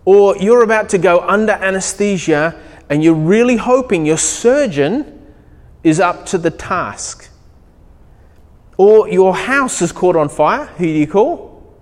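A middle-aged Australian pastor delivering a sermon in a fairly high voice. He tells stories with animated, acted-out dialogue. His voice carries a long hall reverb. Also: unhurried. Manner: animated storytelling, acts out dialogue.

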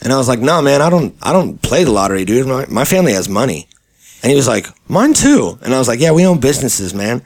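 A man's voice: mid-range voice, animated, fast. A young man hosting a casual chat show, telling an anecdote in a laid-back way and mimicking the people in it. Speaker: podcast host.

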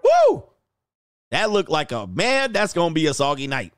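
A man doing casual reaction commentary as a YouTube commentator, slangy and prone to loud exclamations. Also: on the high side, sing-song, brisk, slight background noise.

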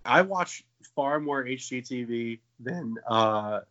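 A man's voice: mid-range voice, lively intonation, takes it slowly, fairly bright tone, muffled recording. A man in his late twenties, joking and swearing in a casual comedic chat as a podcast co-host. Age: 20s. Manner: jokey, profane, playful.

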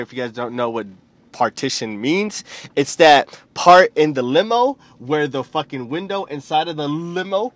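Man, 20s, from the US, comedic rant, profane, rambling, slightly high voice, dry close recording. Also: no room sound. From United States.

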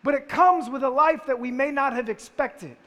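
A man's voice: very high-pitched, normal speed, fairly bright tone. A man preaching a sermon in a conversational style, firing off rhetorical questions at his listeners. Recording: long reverb of a large hall.

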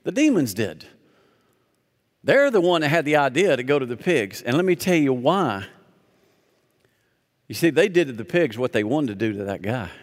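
A man preaches a sermon in a mid-range voice that sits in the middle for a man. He presses his points with rhetorical questions and slows right down for emphasis. His voice rings out with the long echo of a large sanctuary. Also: medium pitch, big pitch swings. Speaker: pastor. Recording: reverberant hall.

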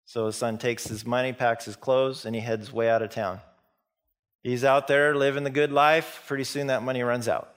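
Guy preaching a sermon, chatty storytelling, lots of restarts, middle pitch. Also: level tone, moderate pace. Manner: conversational storytelling with frequent restarts and acted-out quotes. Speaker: pastor.

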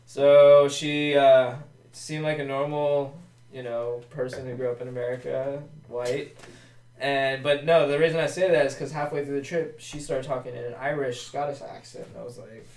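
A man's voice: medium pitch, steady tone, moderate pace, darkish tone. A young adult man, a podcast guest, rambling through a story and acting out the lines of the people in it. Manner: rambling storyteller who acts out quoted dialogue. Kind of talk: casual chat. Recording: echoey room, mic at a distance.

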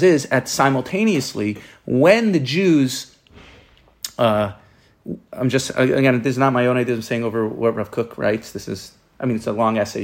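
A man giving an informal Torah class, rambling and often restarting and repeating his words. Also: mid-range voice. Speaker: Torah teacher.

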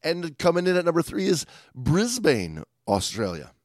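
A man's voice: on the high side, huge pitch swings, moderate pace, no echo, studio quality. Upbeat male podcast host. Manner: upbeat, stumbles and restarts, gives shout-outs. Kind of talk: casual chat.

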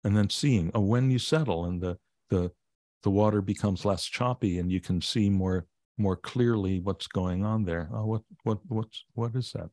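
A man with a low voice talks as a meditation teacher in a podcast interview. He explains in plain, gently humorous terms. The sound is close and dry, with no room around it. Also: moderate pace, no echo. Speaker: meditation teacher and author, guest.

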